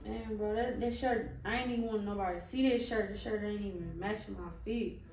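A young woman hosting a prank video, teasing and pushy as she talks in a deliberately lowered, tough voice. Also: steady tone, a little mellow. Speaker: prank channel host. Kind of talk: casual prank banter. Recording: roomy room, voice from a distant camera.

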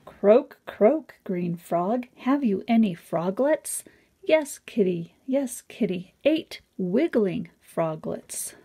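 A woman's voice: mid-range voice, expressive, slow pace, warm tone, husky. A woman reading a children's picture book aloud in a sing-song way, lifting her voice on each animal sound.

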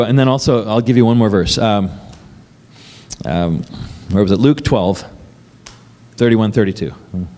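A man's voice: medium pitch, a little mellow. A man pastor preaching a sermon in a conversational way, often asking the congregation questions and laughing between points. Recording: church hall with long reverb.

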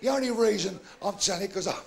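Gravelly older comic. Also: male voice, high-pitched, quick pace. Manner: punchy, bawdy joke delivery with loud shouted punchlines. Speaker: stand-up comedian. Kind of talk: live stand-up storytelling. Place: live comedy venue with audience.

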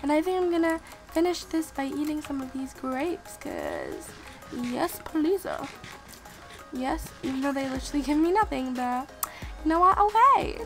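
A sick woman giving excitable let's-play gameplay commentary as a channel host, gasping and exclaiming and talking straight to her viewers. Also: high-pitched, normal speed, music in the background. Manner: excitable, gasps and exclaims, addresses viewers directly.

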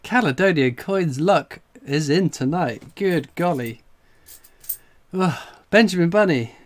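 A man's voice: on the high side, slow pace. A man hosting a live stream, exclaiming and laughing as he goes. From England. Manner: exclaiming, laughing, breathless with excitement. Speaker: coin collecting streamer. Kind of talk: excited live stream commentary.

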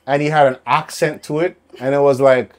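A man co-hosting a casual podcast chat, telling animated stories of retail customers. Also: medium pitch, brisk. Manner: animated storyteller who acts out retail customers. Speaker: podcast co-host.

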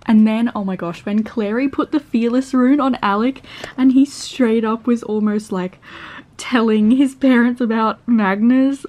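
A young woman with an Australian accent chatting casually in a book vlog, animated and laughing often. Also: a little high. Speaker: book vlogger. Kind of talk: casual reading vlog chat.

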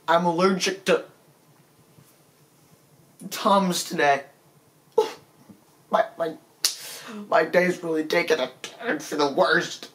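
Playing a comedy vlogger, this man offers a faux-solemn apology, his voice fairly bright. He stumbles over words, sounds weepy and sorry for himself, and his begging keeps breaking into abrupt squeaky highs.

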